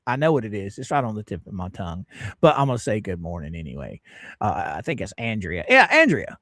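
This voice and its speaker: Excitable, laughing livestream host man. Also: medium pitch, no room sound, studio quality. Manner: laughing, excitable, greets chat viewers. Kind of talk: casual livestream chat.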